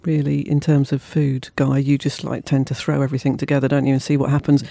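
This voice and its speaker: Woman, radio host, quick, gravelly, mellow tone, dry studio sound. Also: very deep voice, no echo. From South London. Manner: chatty, teasing, animated. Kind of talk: casual radio chat.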